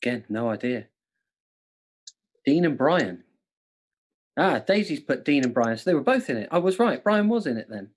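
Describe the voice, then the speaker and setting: A man's voice: medium pitch, big pitch swings, moderate pace, pauses often. A man with a mid-range voice hosts an online quiz night. He banters casually, cracks jokes and laughs often. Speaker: quiz host, comedian.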